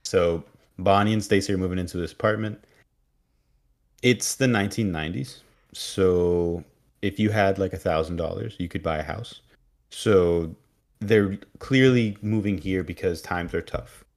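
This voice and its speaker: A man's voice: sits low, moderate pace. A man co-hosting a podcast, casually recapping an episode with jokes and quoted lines. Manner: joking, animated retelling with quoted voices. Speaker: podcast co-host.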